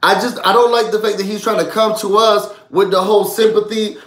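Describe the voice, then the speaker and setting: A man's voice: high voice, fairly even intonation, fairly quick, hardly any pauses, a bit bright, reverberant. A man hosting a live reality-show recap, ranting heatedly with lots of profanity. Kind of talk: live stream rant.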